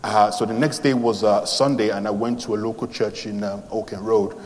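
A man from London telling his conversion story as a sermon testimony, animated, with many fillers and restarts. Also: lowish voice, brisk, big-room sound, a little hiss or hum. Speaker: preacher giving testimony.

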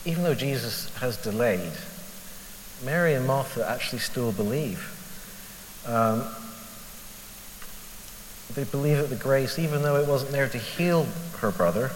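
Man musing in an echoey hall. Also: medium pitch. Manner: candid, self-deprecating, asks rhetorical questions. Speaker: lay preacher. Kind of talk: conversational Bible reflection. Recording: echoey hall with faint hiss.

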